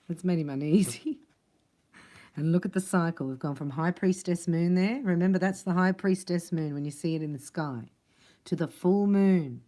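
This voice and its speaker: A woman giving a relaxed tarot reading in a low-set, mellow voice. She rambles along in a chatty way, often breaking into laughter between thoughts. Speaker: tarot reader. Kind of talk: casual spoken tarot reading.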